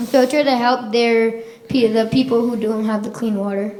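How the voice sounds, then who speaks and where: A woman's voice: fairly high pitch, fairly even intonation, warm tone, echoey room, poor audio. A young woman presenting a student project, answering a question with a few restarts. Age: teenager. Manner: halting, with restarts.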